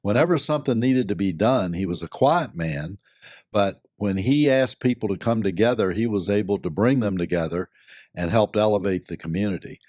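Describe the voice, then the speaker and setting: An older man, a company board member and lawyer, giving measured, thoughtful answers with many pauses and fillers. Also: on the low side, darkish tone, dry recording, studio quality. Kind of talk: reflective interview answers.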